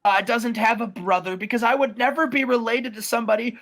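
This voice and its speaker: A man's voice: sits high, very animated, brisk, a bit bright, exaggerated voice. A man voicing an arrogant male wrestling champion who mocks his brother in a game playthrough. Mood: mocking. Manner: boastful, mocking.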